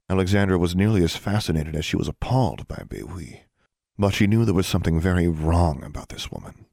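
A man narrating an audiobook in a steady, even storytelling manner. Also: deep voice, brisk, creaky, no room sound, studio quality. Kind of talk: scripted narration.

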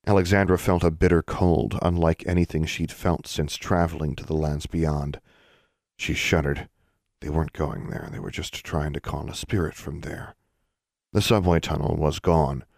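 A man reading a fantasy novel aloud in steady, even scripted narration. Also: a bass voice, moderate pace, creaky, dry recording, clean studio sound. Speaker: audiobook narrator.

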